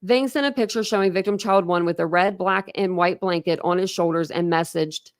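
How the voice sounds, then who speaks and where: Hosting a true crime live stream, a woman with a young son reads court documents aloud and stops to react, rambling and openly upset, her speech full of "like" and restarts. Her lowish voice is smooth and brisk, captured in studio quality with no room sound.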